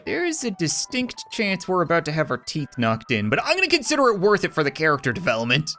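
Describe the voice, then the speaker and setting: A man narrates his game playthrough in a casual, rambling way, full of quick jokes. His pitch jumps around animatedly, with faint music under the voice. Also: wildly swooping pitch, bright, forceful tone. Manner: rambling, jokey, quick asides. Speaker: gaming video host. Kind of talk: casual let's-play commentary.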